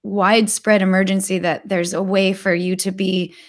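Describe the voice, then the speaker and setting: A woman's voice: mid-range voice, flat delivery, normal speed. A woman co-hosting a tech podcast, explaining things in a casual, reassuring way. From United States. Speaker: podcast co-host.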